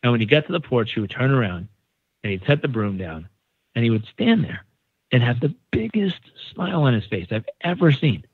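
Man, podcast guest, animated storytelling, acts out quotes, phone-like audio, dead dry. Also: mid-range voice, fairly quick, husky, no echo. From San Diego, United States. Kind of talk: casual storytelling. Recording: dry, phone-like narrow sound.

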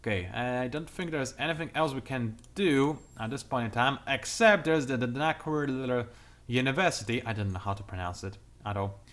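A young man hosting a strategy game tutorial, talking quickly through detailed explanations with dry, sarcastic asides. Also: mid-range voice, a bit bright. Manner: talks fast, self-admittedly. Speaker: gameplay tutorial host. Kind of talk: explanatory let's-play commentary.

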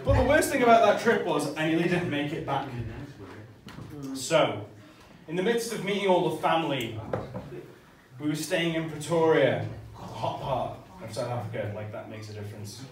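A man's voice: on the high side, lively intonation, moderate pace, long pauses, distant mic. A young man doing a stand-up set, swearing constantly and laughing at his own jokes, a bit tipsy. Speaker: stand-up comedian. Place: small comedy club. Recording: echoey club recorded from afar with crowd. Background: laughing crowd.

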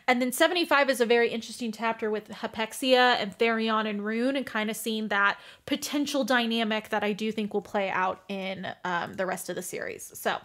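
A woman with a slightly high voice runs through a book recap in casual chat. She gushes and fangirls about her favorite moments. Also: a little fast, hardly any pauses, fairly bright tone. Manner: gushing, fangirling. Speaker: book club host.

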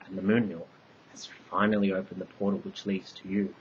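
A man's voice: low voice, level tone, brisk, lo-fi sound, a little hiss or hum, close to an everyday voice. A man voicing a young Minoan priestess, speaking earnestly and pleading in a raised voice.

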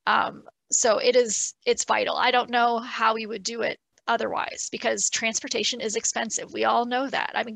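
Earnest woman on a video call, gravelly voice. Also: a little high, pushed and bright, no room sound, low-quality recording. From Nova Scotia, Canada. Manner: earnest, with many "um" fillers. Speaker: awardee and panelist from a rural transit group. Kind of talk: virtual panel answer.

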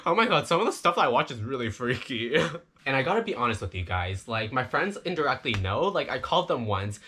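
A young man vlogging in a campy, flamboyant, profane joking manner, talking excitedly to his viewers. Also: medium pitch, fairly quick, slight background noise. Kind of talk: campy confessional vlog.

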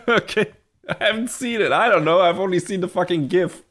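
A man's voice: high-pitched, normal speed. Easygoing laughing podcast co-host man. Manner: relaxed, laughs easily, hedges. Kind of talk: casual chat.

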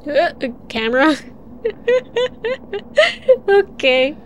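High-voiced giggly woman streaming a game. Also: animated, very slow, a little hiss or hum. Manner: chatty, giggly, talks to the game. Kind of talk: casual gameplay commentary.

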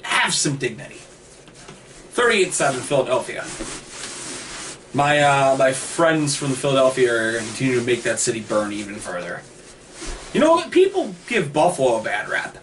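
A man co-hosting a casual sports picks chat over an online call, quick with jokes and banter. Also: medium pitch, very animated, a bit bright. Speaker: co-host making picks. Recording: distant mic with faint noise.

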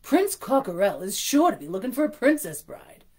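A woman voicing a pompous, bossy big hen in a storybook read-aloud, with a loud, trilling, commanding delivery. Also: on the high side, sing-song, moderate pace, breathy edge, voice pushed up. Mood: gushing.

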